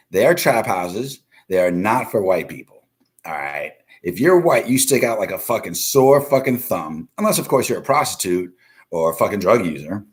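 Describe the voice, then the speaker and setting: A man hosting a live stream, telling a rambling, profanity-heavy story and greeting viewers in chat as he goes. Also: fairly low pitch. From South Florida. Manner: profane, animated, greets chatters mid-story.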